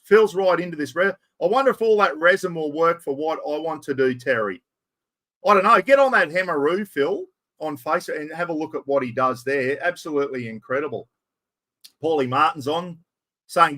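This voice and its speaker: A middle-aged Australian man with a slightly high voice hosts a relaxed camping live stream. He talks in a chatty, blokey way, greets viewers and swears freely. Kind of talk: casual live-stream chat.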